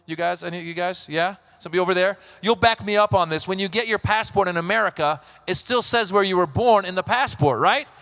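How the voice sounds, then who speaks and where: A man from Iran in his thirties doing stand-up comedy, telling animated stories and acting out voices. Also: high voice, quick pace, few pauses. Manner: animated storytelling, acts out voices.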